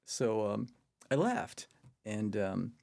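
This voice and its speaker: Older man with a gravelly voice, chuckling storyteller. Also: on the low side, expressive, takes it slowly, a little mellow. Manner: chuckles through his anecdote; acts out quoted people in a raised voice. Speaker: podcast guest. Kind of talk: casual storytelling.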